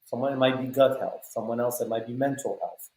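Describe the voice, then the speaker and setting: A man's voice: mid-range voice, steady tone, a little mellow, slight background noise. Man asking long, winding questions in an echoey room. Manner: measured, long winding questions with many fillers. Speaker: podcast host. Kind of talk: conversational podcast interview.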